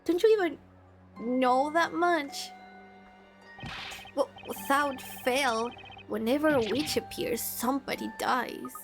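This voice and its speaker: A woman's voice: high voice, takes it slowly, pauses often, over music. A woman doing a scolding, superstitious villager. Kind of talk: game dialogue read aloud.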